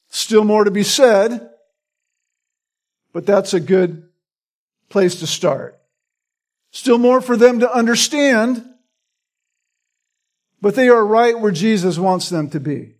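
Slow and animated, with a high-pitched voice and frequent pauses, a pastor works through a Bible passage in expository style. Repetition runs through his teaching, and he keeps asking his audience "right?" to make sure they're with him.

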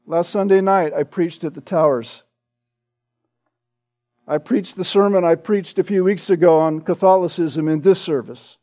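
A male pastor preaching a sermon with emphatic stress on repeated words, often tagging his points with a quick "right?". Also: high-pitched, dark tone. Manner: peppers points with "right?" tag questions.

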